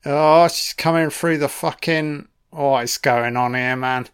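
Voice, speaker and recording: Sweary film commentator. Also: male voice, a little high, fairly even intonation, unhurried, clean tone. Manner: profane, sardonic running reactions. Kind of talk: casual audio commentary.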